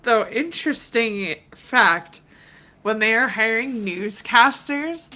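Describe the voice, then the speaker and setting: A woman's voice: on the high side, animated, takes it slowly, bright, forceful tone. A woman from Minnesota with a Minnesotan accent, chatting playfully as a co-host. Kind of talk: casual chat.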